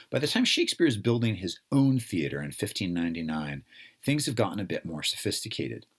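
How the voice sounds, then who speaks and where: Low-voiced man giving a casual lecture. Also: fairly bright tone. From United States. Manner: conversational, with many fillers and asides. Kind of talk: informal lecture.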